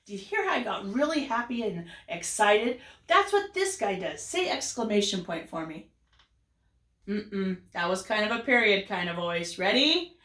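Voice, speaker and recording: A woman teaching a kindergarten class, with an animated, exaggerated sing-song delivery. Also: medium pitch, normal speed. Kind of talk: lesson for young children. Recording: roomy echo, voice from a distance.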